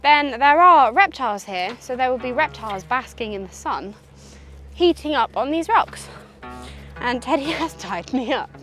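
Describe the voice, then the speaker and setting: A woman's voice: high voice, expressive, normal speed, fairly bright tone, faint music behind. A woman from England chatting playfully on an outdoor countryside walk, teasing her partner. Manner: playful, teasing, breaks into song. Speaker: travel vlogger. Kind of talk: casual chat on a walk.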